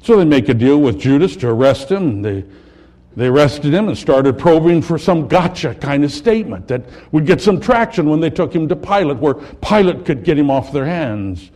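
A man preaching a sermon, dramatically swinging between loud, emphatic lines and hushed, low ones. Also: animated, moderate pace.

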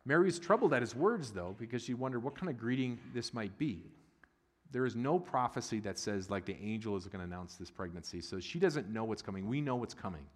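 A middle-aged man preaching a sermon as a pastor, conversational and humorous with loud excited bursts. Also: medium pitch, fairly quick, big-room sound.

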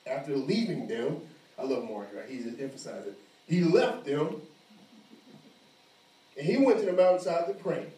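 A man preaching an animated sermon, acting out the voices of the people in his story. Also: fairly high pitch, normal speed, long pauses. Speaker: pastor. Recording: echoey room, mic at a distance.

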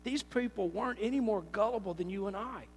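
High-voiced animated male preacher. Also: quick pace, long reverb tail, a little hiss or hum. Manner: animated, acts out little scenes with voices. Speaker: pastor. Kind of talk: sermon.

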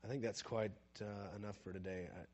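A man preaching a conversational sermon who asks his listeners questions, drops to a hush and then builds to emphatic points. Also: on the low side, steady tone, brisk, highs cut off, a little hiss or hum. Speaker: pastor.

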